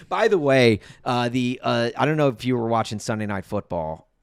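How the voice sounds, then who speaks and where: Animated male podcast co-host. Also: mid-range voice, normal speed, clear, resonant tone, dry recording. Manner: animated storytelling, laughs often. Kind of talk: casual comedic podcast chat.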